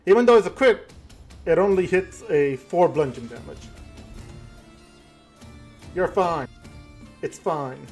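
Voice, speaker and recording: A man narrating a tabletop game as game master, halting and full of fillers and self-corrections. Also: fairly high pitch, sing-song, darkish tone, soft background music.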